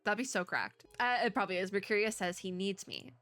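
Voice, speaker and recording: As a VTuber let's-play host, a woman reads a story game's text aloud and wanders into chatty asides, laughing frequently. Her medium-pitched voice is very animated, a bit bright and a little fast, though somewhat worn from illness.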